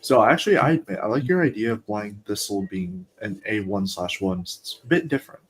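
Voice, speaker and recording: A man's voice: fairly low pitch, animated, fairly bright tone, slight background noise. A young man from the eastern US, chatting casually on a stream, rambling and playful. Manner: rambling, playful, with quick put-on voices. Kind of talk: casual chat.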